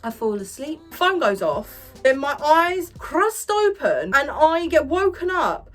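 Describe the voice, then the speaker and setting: Brief: young woman vlogger, high voice, sassy and sweary. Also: sing-song, takes it slowly, fairly bright tone. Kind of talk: storytime vlog.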